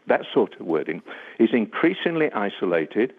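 Older man, deep voice on a tinny phone line. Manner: measured, grave, with frequent um and uh. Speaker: defence analyst guest. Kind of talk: radio interview answers.

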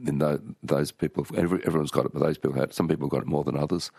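A man's voice: very deep voice, steady tone, very fast, vocal fry, warm tone, breathy edge, no room sound, clean studio sound. An older Australian man, an author being interviewed, telling stories in a rambling way with many restarts. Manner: rambling, with frequent restarts and storytelling. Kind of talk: relaxed conversational interview.

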